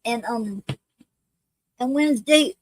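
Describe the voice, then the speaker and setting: A woman's voice: on the high side, takes it slowly, no echo, low-quality recording. A woman hosting a poetry livestream, chatting casually with many ums and restarts and calling her viewers family. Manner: affectionate toward viewers, calls them fam.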